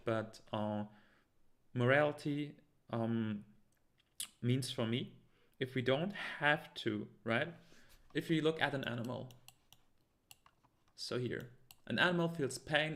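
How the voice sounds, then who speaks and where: Here a live stream host with a medium-pitched, fairly bright voice fires back at his chat. It's an angry, argumentative exchange, packed with filler words and restarted sentences as he reads and answers comments.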